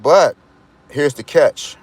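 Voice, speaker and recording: This D.C. lottery tips vlogger has a fairly high, husky voice with lively intonation, and he speaks slowly. He rambles in a casual chat aimed right at viewers, full of slang.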